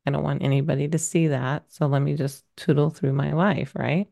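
Middle-aged lady with a low voice telling her story on a podcast, lots of likes and you knows. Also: steady tone, brisk, vocal fry, dark tone. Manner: emotional, rambling, lots of fillers. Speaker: podcast guest. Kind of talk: candid conversational storytelling.

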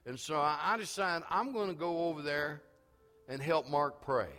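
A pastor preaching a sermon, telling a story that swells into shouted calls to the congregation. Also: male voice, fairly high pitch, moderate pace, big-room sound, soft background music. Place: church sanctuary.

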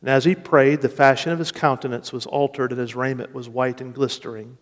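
A man preaching a sermon with slow, deliberate delivery and rising emphasis. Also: medium pitch, fairly even intonation. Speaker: pastor. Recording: long reverb of a large hall.

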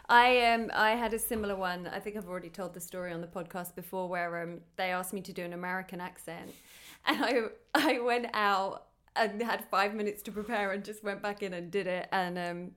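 A woman at a mid pitch hosts a podcast conversation. She is chatty and encouraging and laughs easily as she draws out her guest. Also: fairly even intonation, fairly quick, fairly bright tone. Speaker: podcast host. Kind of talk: casual interview chat.

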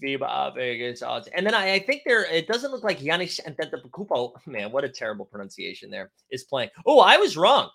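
A man's voice: on the high side, big pitch swings, fairly quick, vocal fry, hardly any pauses, sharp tone. A young man hosting a casual live-stream chat, rambling with jokey, self-mocking asides. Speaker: podcast host.

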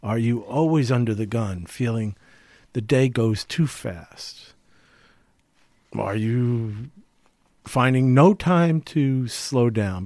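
A man's voice: mid-range voice, a little mellow, dry recording. A man co-hosting a casual podcast, musing aloud with many fillers and rhetorical questions. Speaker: podcast co-host.

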